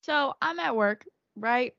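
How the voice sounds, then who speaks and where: A woman guest tells a story in a casual podcast chat, her fairly high voice quick and excitable as she voices her own thoughts. The recording is dry and a little dull. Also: gravelly, no room sound. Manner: excitable storytelling, fast quoted asides.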